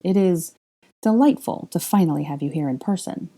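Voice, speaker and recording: A woman's voice: fairly low pitch, moderate pace, dark tone. A woman voicing a haughty, teasing young aristocratic wizard who talks in formal, clipped, mock-stern phrases, in a storybook reading.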